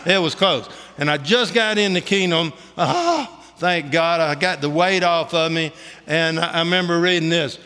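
High-voiced bright folksy man preaching. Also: normal speed, clear, resonant tone. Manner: folksy, humorous storytelling; colloquial Southern-style grammar, "ain't". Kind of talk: testimony sermon. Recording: long hall reverb.

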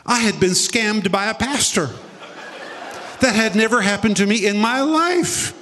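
A man's voice: animated, normal speed, fairly bright tone. Dramatic male preacher in a reverberant hall. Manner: dramatic storytelling with sudden drops to low deep quotes. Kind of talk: sermon.

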